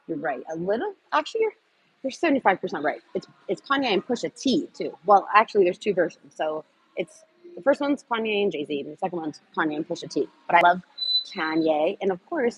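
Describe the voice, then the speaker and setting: A woman's voice: lowish voice, lively intonation, fairly quick, slightly rough, rough recording. A woman hosting a casual livestream, rambling from topic to topic with lots of fillers and answering viewer comments as she goes. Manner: scattered, trails off with many fillers. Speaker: livestream host.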